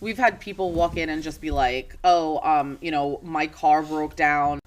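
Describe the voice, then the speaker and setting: An American woman co-hosting a podcast, telling a story from her shop in a casual, animated way and acting out what people said. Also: low voice, a little slow. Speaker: podcast co-host, shop owner.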